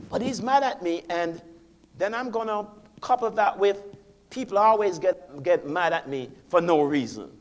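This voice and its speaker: A man giving a sermon in a church, teaching step by step and acting out his own inner thoughts, often repeating key phrases. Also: high voice. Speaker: guest speaker. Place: church sanctuary.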